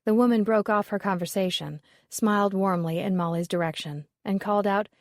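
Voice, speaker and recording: A woman narrating a mystery novel in a steady, measured reading voice. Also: medium pitch, no echo, studio quality. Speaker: audiobook narrator. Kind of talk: scripted narration.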